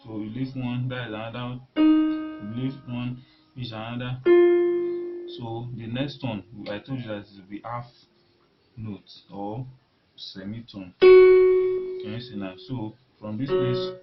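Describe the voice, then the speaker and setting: A man teaching a beginner piano lesson, talking in a halting way and repeating words as he demonstrates at the keyboard. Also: mid-range voice, fairly even intonation. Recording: lo-fi recording with loud piano. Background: piano notes being played.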